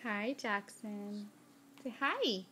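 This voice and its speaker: A young mother filming at home, patiently coaxing her toddlers to repeat words in a slow, sing-song way. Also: medium pitch, expressive, background noise. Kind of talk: home video, coaxing small children.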